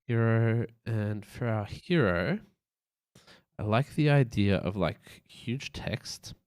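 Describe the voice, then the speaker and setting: In a lowish, expressive, slow, slightly mellow voice, a man streams live while working through a website layout. He thinks aloud in a loose, rambling way, adding playful beeps, and the recording is dry and studio quality.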